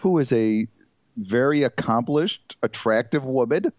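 A man co-hosting a radio talk show, wry and full of quick quips, often stumbling and restarting mid-sentence. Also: mid-range voice, lively intonation, dry recording. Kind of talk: casual banter.

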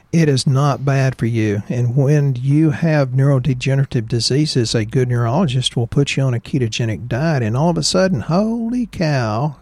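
A man co-hosting a casual health chat, opinionated and animated as he tells stories. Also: medium pitch, dry recording. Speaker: podcast co-host, chiropractor.

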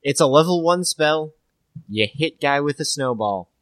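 A man's voice: fairly high pitch, animated, a little slow, fairly bright tone, no room sound. A man co-hosting a podcast, chatting casually and sarcastically about tabletop game spells, with jokey asides and swearing. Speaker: podcast co-host.

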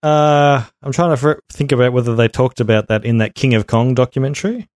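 A man's voice: mid-range voice, fairly quick, a little mellow, dry recording, studio quality. A man co-hosting a casual gaming podcast in a laid-back way, often giving short agreeing replies. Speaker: podcast co-host. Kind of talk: casual chat.

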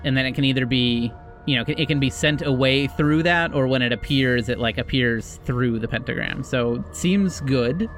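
A man's voice: mid-range voice, a bit bright, soft background music. Male game master narrating horror. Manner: descriptive, drawn-out narration. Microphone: podcast microphone.

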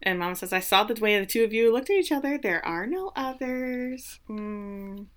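A woman's voice: mid-range voice, quick pace, clear, resonant tone. A woman co-hosting a casual podcast, recapping a TV episode in a wry, sarcastic way with mock voices for the characters. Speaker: podcast co-host.

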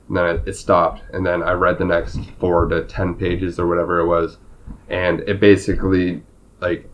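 Male podcast co-host from Canada, low voice, slightly hoarse, loose rambling delivery. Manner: rambling, restarts, swears casually. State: losing his voice. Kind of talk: casual chat.

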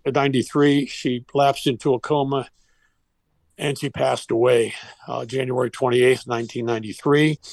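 A man's voice: medium pitch, no echo. An older man and former baseball coach, telling a personal story in a heartfelt, rambling way with restarts.

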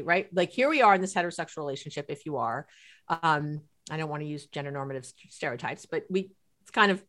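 A middle-aged woman from New York City, a couples therapist telling stories in a podcast conversation and acting out what people said. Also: fairly low pitch. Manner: animated storyteller who acts out quotes.

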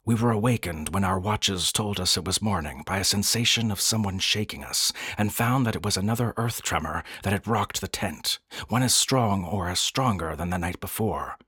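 Male narrator for a pulp adventure tale: deep, husky, dry close recording, measured dramatic delivery. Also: fairly bright tone, dry recording. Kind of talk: scripted narration of a pulp science fiction story.

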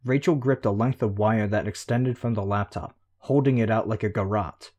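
A man reading a novel aloud in an even, measured first-person narration. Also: fairly low pitch, breathy edge. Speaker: audiobook narrator.

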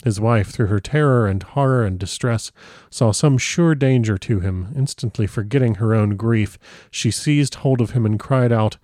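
A man reading a novel aloud in an unhurried, dramatic manner. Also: on the low side, darkish tone, dry recording, clean studio sound. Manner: unhurried dramatic reading, stumbles and comments aside. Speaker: audiobook reader.

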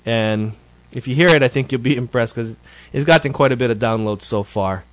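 A man's voice: mid-range voice, a little fast, dry recording. A man hosting his show, giving a casual, rambling update that is full of self-corrections. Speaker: show host.

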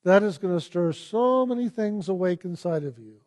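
A man giving a reflective spiritual talk, telling personal stories and asking gentle, searching questions. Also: high voice, expressive, moderate pace, few pauses. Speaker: spiritual teacher.

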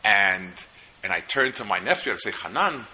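A man lectures at a seminar in a very bright, sharp voice. He is earnest and stops and restarts as he tells stories to make his points. Faint hiss sits behind him. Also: on the low side, poor audio. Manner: earnest, storytelling, halting restarts. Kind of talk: lecture on parenting.

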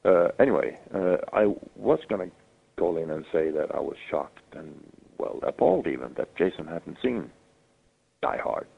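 A man calling in to a podcast while sick with a fever, talking in a halting, rambling way with lots of fillers. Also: low voice, expressive, vocal fry, husky. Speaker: caller. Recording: tinny phone line.

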